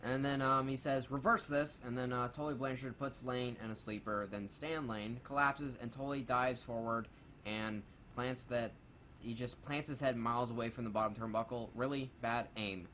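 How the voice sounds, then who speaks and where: A man of ordinary pitch runs through a wrestling review from his notes, with a loose, profane and sarcastic delivery. A faint hiss of noise sits under his voice. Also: fairly even intonation, normal speed, fairly bright tone. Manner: reads notes aloud, swears freely, sarcastic. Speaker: co-host reviewing a wrestling show. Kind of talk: casual, profane review commentary.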